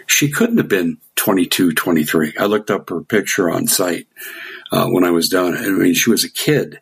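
A middle-aged man with a low, husky voice tells a story in a casual way. He acts out the back-and-forth of a conversation, chuckling now and then. His delivery stays relaxed and lively. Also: normal speed. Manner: animated anecdote with quoted dialogue and chuckles. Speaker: guest telling a story.

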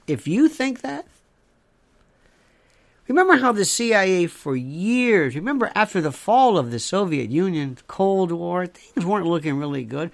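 Slow, gravelly, emphatic commentator. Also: medium pitch, sing-song. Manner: emphatic, piles up repeated phrases in lists. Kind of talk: monologue commentary.

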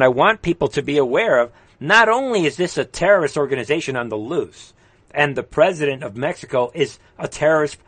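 Man, high voice, heated ranting livestream host, straining voice, dry recording. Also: bright, forceful tone, dry recording. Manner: impassioned, ranting, repeats rallying calls; reads viewer comments aloud. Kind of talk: heated political commentary.

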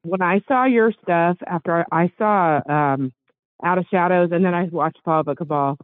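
A middle-aged man from the United States calls in over a tinny, phone-like line, speaking bone dry and close. His voice sits high for a man. He rambles, keeps apologizing, and sounds choked up as he goes. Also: normal speed, dry recording. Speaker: caller. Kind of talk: call-in chat.

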